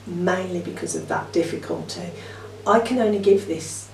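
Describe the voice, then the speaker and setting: Her voice is on the low side, with vocal fry, and she talks at a normal speed. She's a woman from Yorkshire, England, reviewing books in a casual, rambling chat peppered with ums and small laughs. The mic is far away in an echoey room, with faint noise.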